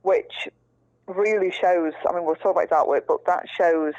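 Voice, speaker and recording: A woman's voice: on the low side, normal speed, a little mellow, no echo. A woman telling a story in a casual interview, chatty and frank, swearing freely. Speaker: guest, prisoner's fiancée. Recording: dull lo-fi dry recording.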